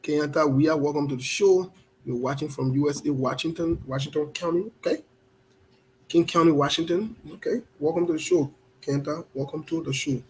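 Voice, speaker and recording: A man hosting a casual online talk show, welcoming viewers by name and scolding them in an animated way. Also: on the high side, fairly quick, a little hiss or hum. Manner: animated, scolding, switches to spoken Liberian English.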